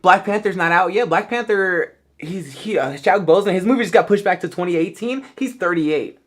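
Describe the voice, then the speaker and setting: A man with a fairly high voice talks casually on a podcast, rambling eagerly from one thought to the next. He swears freely and keeps up a loose, animated flow. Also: brisk. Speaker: podcast guest, movie news show host. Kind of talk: casual chat about movies.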